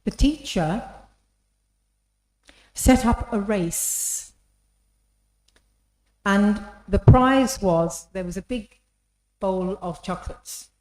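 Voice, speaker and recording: A woman's voice: medium pitch, drawn-out words, pauses often, darkish tone. A woman giving an inspirational talk in an engaging storytelling manner, often asking the audience questions. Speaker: speaker. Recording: echoey hall.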